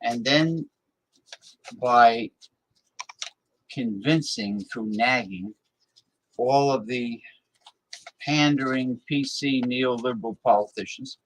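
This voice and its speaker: Slow-talking, blunt male host. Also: mid-range voice. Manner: blunt, scornful, grumbling. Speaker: live-stream talk show host. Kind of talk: casual ranting monologue, reacting to viewer chat.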